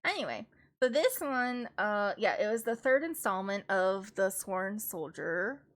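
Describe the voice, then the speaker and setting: A woman's voice: medium pitch, sing-song, measured pace, a bit bright. A woman casually reviewing books on a live stream, chatty and rambling, with frequent laughs and restarts. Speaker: book streamer.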